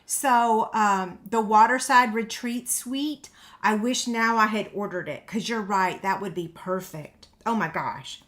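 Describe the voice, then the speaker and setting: A chatty woman walks viewers through a paper-craft project at an easy, slow pace. She laughs off her own slip-ups and talks straight to her audience. A runny nose gives her voice a slightly stuffy edge. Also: mid-range voice, a bit bright. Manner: chatty and self-deprecating, talks to viewers while working. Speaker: paper-craft video host. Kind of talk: casual crafting tutorial chat.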